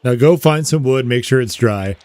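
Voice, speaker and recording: A man voicing a steady, caring male friend as he reads game dialogue aloud in a plain, calm voice. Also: mid-range voice, moderate pace, no room sound, close to an everyday voice. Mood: practical.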